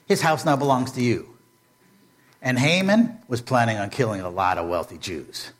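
A man retelling a Bible story as a preacher, animated and humorous, with modern comparisons. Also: mid-range voice, normal speed. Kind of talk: storytelling sermon.

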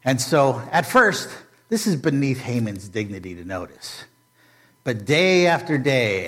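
A man retelling a Bible story as a preacher, animated and humorous, with modern comparisons. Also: medium pitch. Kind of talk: storytelling sermon.

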